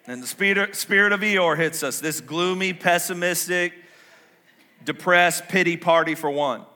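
A man preaching a sermon as pastor, conversational and playful, swinging between quiet low stretches and loud high bursts. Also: a little slow. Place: large church sanctuary.

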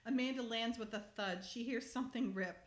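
A woman's voice: a little high, brisk. Giggly woman recapping a TV episode. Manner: chatty, giggly, reads script lines aloud. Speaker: podcast host. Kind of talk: casual chat recapping a TV episode.

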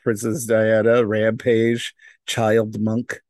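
A man's voice: fairly low pitch, completely flat delivery, takes it slowly, darkish tone, no room sound. Hesitant man chatting, dry sound. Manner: hesitant, many restarts and fillers. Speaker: podcast co-host. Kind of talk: casual chat.

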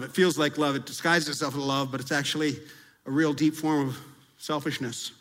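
A male pastor with a high voice delivers a sermon in a conversational, down-to-earth way. He slips into acted-out prayers and confessions as he talks. The sound carries a long reverb, as in a large hall. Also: fairly bright tone.

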